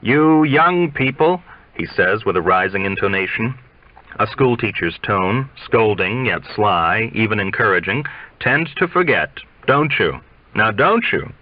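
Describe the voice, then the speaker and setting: A man reading aloud, voicing a frail old male coach who lectures slowly in a sly, scolding schoolteacher tone. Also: lowish voice, sing-song, lo-fi sound.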